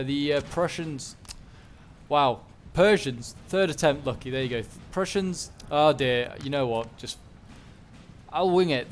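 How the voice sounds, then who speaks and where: A man's voice: fairly high pitch, background noise. A man casually commentating a video game battle, musing aloud with lots of fillers and self-corrections. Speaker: gaming commentator. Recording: loud gunfire from game audio under voice. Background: game battle sounds, gunshots.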